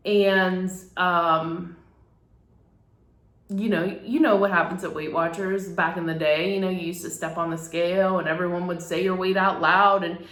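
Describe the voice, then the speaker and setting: A woman's voice: on the low side, fairly even intonation, moderate pace, a bit bright. A middle-aged woman, a photographer, telling a personal story in a candid, emotional way, laughing now and then and using many fillers. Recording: echoey room.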